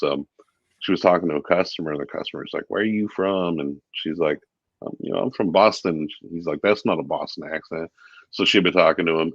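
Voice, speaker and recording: Very deep-voiced man, chatty and relaxed. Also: no room sound, dull audio. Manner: relaxed, chatty, many fillers. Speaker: guest, VP of sales. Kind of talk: casual interview talk.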